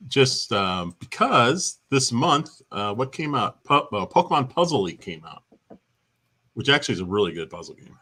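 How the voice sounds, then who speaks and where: A man's voice: medium pitch, sing-song, normal speed, bright, forceful tone, slightly rough. A man co-hosting a casual gaming chat show, telling stories and laughing often.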